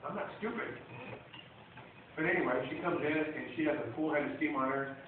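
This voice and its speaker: A man telling a humorous personal story in a wry, animated way to a room, recorded on a phone from far off. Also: on the high side, a little fast, slight background noise. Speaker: speaker. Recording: distant echoey tinny phone recording.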